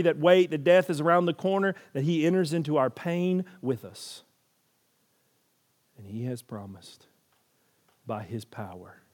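Delivering a sermon, this preacher dramatizes the story, moving from quiet, hushed moments to loud, booming passages.

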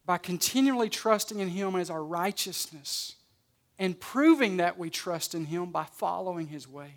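A pastor preaching a sermon at a church service, emphatic, swinging between loud and soft and repeating words as he starts his phrases. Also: sits high, lively intonation, moderate pace.

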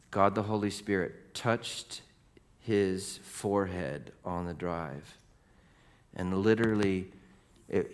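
A middle-aged male pastor delivers a sermon with a fairly low voice and an unhurried pace. He tells the story in a lively way, dropping into casual, conversational asides to the congregation.

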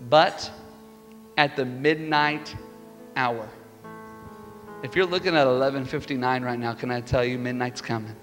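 A man preaching a sermon as pastor, telling stories with lively energy and building to fervent peaks. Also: medium pitch, unhurried, pauses often. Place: church sanctuary. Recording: reverberant hall with music behind.

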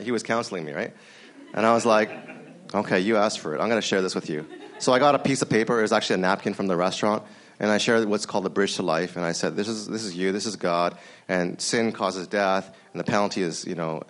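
A man preaching a sermon in a conversational storytelling way, talking straight to the audience and acting out the dialogue he quotes. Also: on the low side. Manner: animated, acts out quoted dialogue; conversational, addresses the audience directly.

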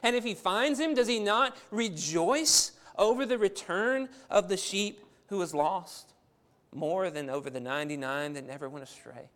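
A man's voice: high-pitched, normal speed, fairly bright tone. A man preaching a sermon in an earnest, emphatic manner, often repeating words as he builds his point.

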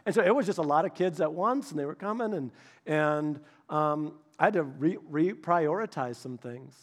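A middle-aged male pastor preaching a sermon, telling personal stories in an animated, humorous way with frequent restarts. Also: fairly high pitch, brisk.

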